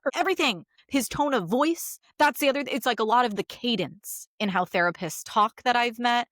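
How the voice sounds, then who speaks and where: A woman therapist co-hosting a podcast in casual chat, telling stories in an animated, expressive way and acting out quotes. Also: on the high side, a little fast, hardly any pauses, no room sound, clean studio sound. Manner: animated, expressive storyteller who acts out quotes.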